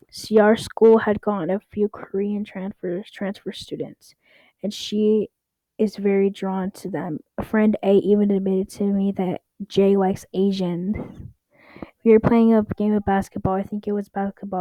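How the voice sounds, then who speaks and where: A woman's voice: medium pitch, warm tone, no echo, low-quality recording. A young woman reading online stories aloud in a casual way, stumbling over words and adding wry asides. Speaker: story reader.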